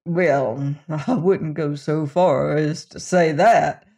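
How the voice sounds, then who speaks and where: A man's voice: a little high, fairly even intonation, slow pace, creaky, mellow. A man voicing a plainspoken old western sheriff with a rural drawl. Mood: folksy storytelling.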